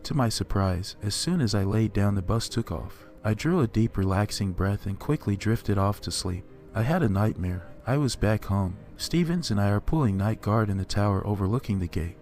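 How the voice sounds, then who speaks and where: A man with a lowish voice narrates a horror story in the first person. His delivery is steady and measured. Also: soft background music.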